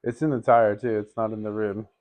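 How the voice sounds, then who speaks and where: A man's voice: fairly low pitch, little pitch movement, brisk, a little mellow, no echo. A man talking casually about his bikes in a home garage vlog, rambling and laughing often. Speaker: bike vlogger.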